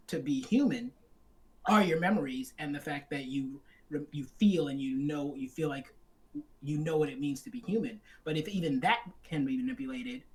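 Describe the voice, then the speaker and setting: A man co-hosting a live film discussion stream, laying out ideas at length while he is losing his voice. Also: fairly high pitch. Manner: thoughtful, explains ideas at length. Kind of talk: casual live-stream chat.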